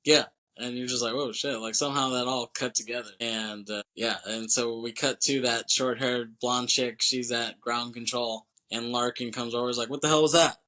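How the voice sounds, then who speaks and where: A man's voice: medium pitch, level tone, normal speed, few pauses, pushed and bright. A man co-hosting a podcast, casually recapping a movie scene by scene, rambling, laughing often and acting out lines. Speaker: podcast co-host.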